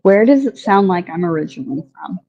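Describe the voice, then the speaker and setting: A woman's voice: fairly low pitch, animated, a little fast, warm tone, highs cut off. A woman from Alabama, a guest on a podcast, chatting casually and asking short, direct questions. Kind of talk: casual chat.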